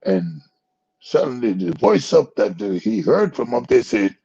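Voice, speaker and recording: A man's voice: medium pitch, big pitch swings, a little slow, creaky, warm tone, breathy edge, muffled recording. A man hosting a talk show, telling a rambling joke in casual chat and chuckling at his own punchlines. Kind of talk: casual storytelling commentary.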